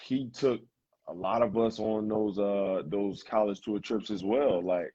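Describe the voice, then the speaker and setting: A man's voice: on the low side, measured pace, dry recording, highs cut off. A young man from South Carolina, a college football player talking casually as an interview guest, rambling with lots of "you know" and "like". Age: young adult. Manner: relaxed, rambling, full of fillers like "you know" and "like".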